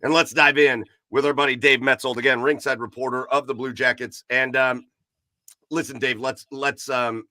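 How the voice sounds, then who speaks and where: Laid-back Midwestern podcast host, bright dry voice. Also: male voice, medium pitch, steady tone, normal speed, no room sound. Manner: loose, laughing, filler-heavy. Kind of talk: casual chat.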